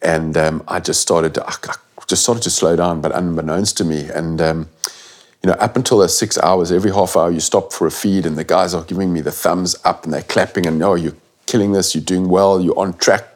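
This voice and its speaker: A man's voice: low voice, steady tone, fairly quick. A middle-aged man telling an interview story in a blunt, earnest way, swearing casually. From South Africa. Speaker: guest. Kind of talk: first-person story in an interview.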